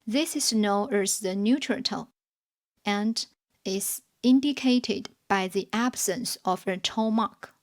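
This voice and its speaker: A woman narrating a scripted beginner language lesson, explaining rules in a measured, carefully enunciated way. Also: medium pitch. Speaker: language teacher.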